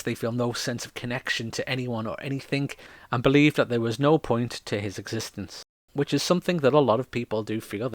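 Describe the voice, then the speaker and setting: A man's voice: medium pitch, no room sound. A man, a playwright, explaining a theatre style in a casual talk, dropping wry, dry jokes along the way.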